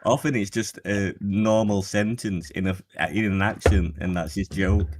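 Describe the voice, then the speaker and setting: Low-voiced dry male co-host. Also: fairly even intonation, moderate pace, a little mellow, slight background noise. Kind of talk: casual reaction commentary.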